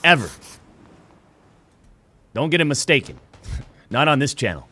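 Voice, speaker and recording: A man in his thirties streaming games live, talking with brash theatrical swagger and sudden shouting bursts. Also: mid-range voice, big pitch swings, unhurried, a little hiss or hum.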